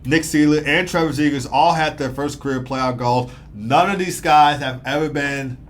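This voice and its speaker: Fast-talking young man recapping hockey. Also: on the high side. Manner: fast, rambling, excitable with fillers. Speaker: sports commentator.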